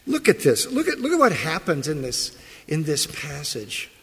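Brief: man, pastor in a church sanctuary, husky and fairly high, emphatic sermon full of rhetorical questions. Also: wildly swooping pitch, normal speed. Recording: long reverb of a large hall.

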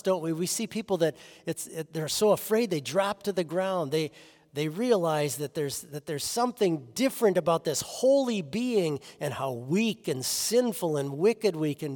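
Earnest preacher man in a reverberant hall. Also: a little high. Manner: earnest, often restarts phrases, soft drops at line ends. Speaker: pastor. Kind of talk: sermon.

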